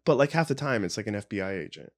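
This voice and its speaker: Very low-voiced man, laid-back guest. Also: lively intonation, racing. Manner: laid-back, joking, swears casually. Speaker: podcast guest. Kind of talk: casual chat.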